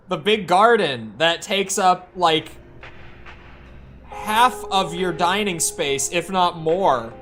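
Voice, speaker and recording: A man's voice: high-pitched, fairly bright tone. A man streaming a game, chatting casually with rambling, self-correcting, sarcastic asides. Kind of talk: casual gameplay commentary.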